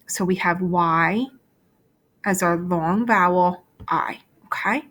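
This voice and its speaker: A woman's voice: on the low side, slow, fairly bright tone. A woman teacher giving a remote phonics lesson over shared slides, explaining step by step and often checking in with "okay?".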